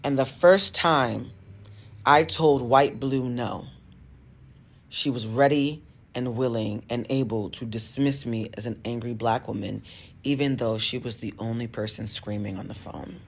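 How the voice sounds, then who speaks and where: A woman's voice: extremely low pitch, measured pace. Woman spilling a storytime, blunt and emphatic, tarot reader and coach. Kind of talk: storytime monologue.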